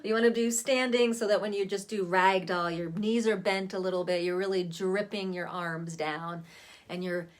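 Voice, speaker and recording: A woman vocal coach giving a relaxed, chatty lesson on voice warm-ups, talking to the camera from a seated spot at home. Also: mid-range voice, moderate pace. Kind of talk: casual spoken voice lesson.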